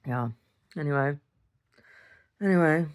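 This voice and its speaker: A woman's voice: sits low, a little slow. Rambling woman, video diary. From United States. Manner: rambling, repeats words and restarts often. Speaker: video diarist.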